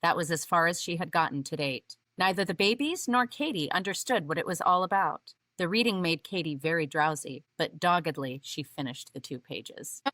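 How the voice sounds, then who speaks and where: A woman's voice: on the low side, normal speed, few pauses, fairly bright tone, no echo. A middle-aged woman co-hosting a podcast, talking earnestly and reading book passages aloud. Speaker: podcast co-host. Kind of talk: casual podcast conversation with read-aloud passages.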